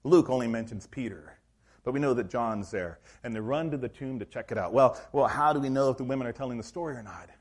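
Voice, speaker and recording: A male pastor preaching a sermon in a church, telling the story in a lively, acted-out way. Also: medium pitch, fast talker. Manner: animated storytelling, acts out scenes.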